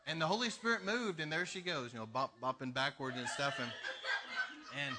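A pastor preaching a sermon, telling stories in an animated way with laughter between lines. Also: male voice, on the high side, fairly quick, very noisy.

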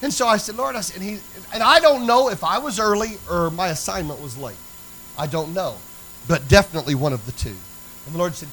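A man's voice: a little high, a little fast, fairly bright tone, a little hiss or hum, low-quality recording. A man preaching a sermon as pastor, folksy and emphatic as he tells a story. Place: church sanctuary.

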